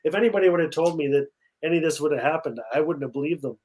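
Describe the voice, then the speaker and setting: A man's voice: fairly high pitch, very fast. Enthusiastic male author telling a story. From Canada. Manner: warm storytelling with repetitions and acted quotes. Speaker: author guest. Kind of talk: live-streamed conversation.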